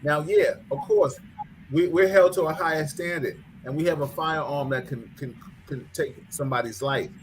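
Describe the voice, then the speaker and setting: A man's voice: fairly high pitch, normal speed, slight background noise. A man co-hosting a talk show who keeps cutting in and repeats words as he tries to make his point. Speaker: podcast co-host.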